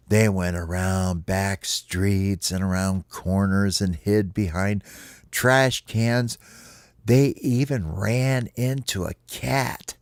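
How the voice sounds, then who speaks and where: A man telling a playful children's story to his kids in an animated way. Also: low-pitched, no echo, studio quality. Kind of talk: bedtime storytelling.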